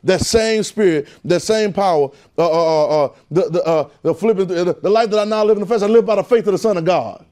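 A man's voice: high-pitched, fairly quick, hardly any pauses, a little mellow. A man teaching a Bible class in a preaching style, repeating phrases and calling out questions to the room. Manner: call-and-response, repetitive, emphatic.

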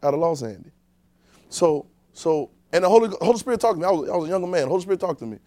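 A man's voice: lively intonation, rapid-fire, dry recording. Man preaching a loose, conversational sermon. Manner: informal, talks directly to the congregation, swings between low and loud emphasis.

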